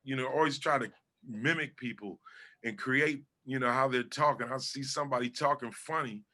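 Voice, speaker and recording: A man from Southern California, a guest comedian chatting casually in an interview, telling animated stories and swearing freely. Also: mid-range voice, normal speed.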